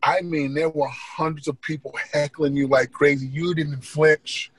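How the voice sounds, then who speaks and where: A male comedian guest telling funny stories on a podcast, lively and acting out the people in them. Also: on the high side, unhurried, slightly rough, no echo, low-quality recording. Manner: lively, laughing, acts out voices. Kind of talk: animated storytelling.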